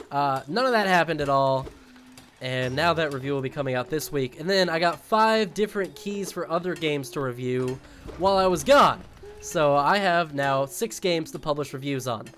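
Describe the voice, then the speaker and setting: A medium-pitched man with a fairly bright tone speaks a little fast as he streams a game. He keeps up jokey, rambling casual chat with his viewers while he plays.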